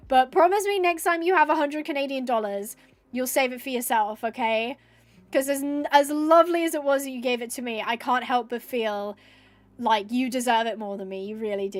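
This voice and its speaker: High-pitched young woman chatting while she streams. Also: no echo. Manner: chatty, thinks aloud, gushes with thanks. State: teary and a bit snotty. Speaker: Minecraft streamer. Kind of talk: casual live-stream chat while gaming.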